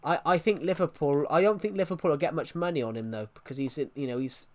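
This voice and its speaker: A fast-talking young man streams games live, his voice on the high side with a darkish tone. He chats loosely with viewers, rambling, offering opinions, and replying to chat.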